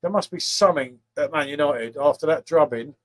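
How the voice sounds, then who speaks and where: A man's voice: on the high side, fairly quick. A man hosting a casual beer review livestream, chatting with viewers by name and tagging questions onto his sentences. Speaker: beer review channel host.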